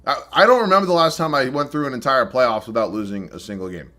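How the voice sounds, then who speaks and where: A man's voice: mid-range voice, fast talker, bright, forceful tone. A young man commenting live on his own basketball video game, self-deprecating and prone to frustrated, swearing outbursts. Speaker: gaming YouTuber.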